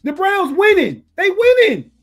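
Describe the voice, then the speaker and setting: A man's voice: extremely high pitch, huge pitch swings, unhurried. A man co-hosting a live sports podcast, often stammering and repeating words. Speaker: podcast co-host. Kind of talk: casual sports chat.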